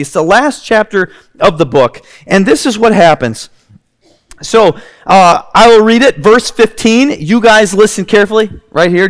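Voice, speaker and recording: High-voiced man preaching a story. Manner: retells scripture in lively voices; drops low and quiet when quoting characters. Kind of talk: sermon storytelling.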